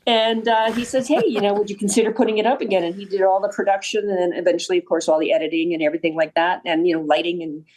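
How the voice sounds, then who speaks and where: A woman's voice: medium pitch, little pitch movement, fast, hardly any pauses, darkish tone, poor audio. A woman from Canada, a comic performer telling stories as a guest in a casual podcast chat. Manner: chatty storyteller.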